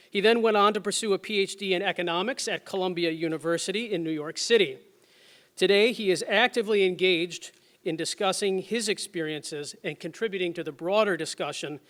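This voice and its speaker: High-voiced man giving a formal introduction. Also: a bit bright. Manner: measured, instructive. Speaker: event moderator.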